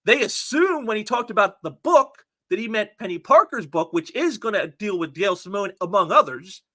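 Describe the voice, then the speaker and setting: A man's voice: high-pitched, lively intonation, moderate pace, fairly bright tone. A man hosting a casual commentary show, reading out online posts and mocking them sarcastically, often repeating his words. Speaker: commentary channel host.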